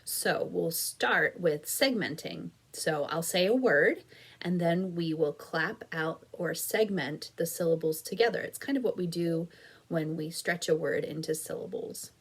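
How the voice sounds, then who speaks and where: An elementary school teacher with a lowish, slightly rough voice leads a slow, clear phonics video for young children, speaking unhurriedly. Patient and encouraging, she carefully sounds out words and stretches them.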